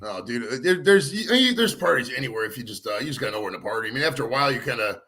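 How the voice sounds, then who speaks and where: A man's voice: mid-range voice, expressive, very fast, bright, forceful tone. A middle-aged man from Ohio, chatting casually as a guest, laid-back and swearing freely. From Ohio, USA. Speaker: guest caller. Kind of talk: casual chat.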